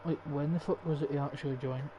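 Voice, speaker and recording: Young Scottish man, flat-voiced. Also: a little high, quick pace. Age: young adult. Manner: swears often, rambling and opinionated. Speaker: gaming streamer. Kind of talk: casual gameplay commentary. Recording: dull lo-fi stream mic with faint hiss.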